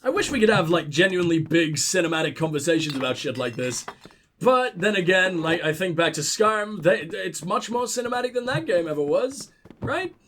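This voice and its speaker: A man's voice: high voice, animated, fairly quick, a bit bright, a little hiss or hum. A young man with a southern English accent, ill, giving sweary, sarcastic, rambling commentary over a game. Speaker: let's play host. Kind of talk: casual gameplay commentary.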